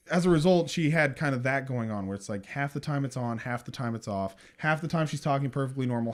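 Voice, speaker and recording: A man co-hosting a film review podcast in casual chat, animated and acting out movie lines in mock voices. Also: medium pitch, quick pace, few pauses.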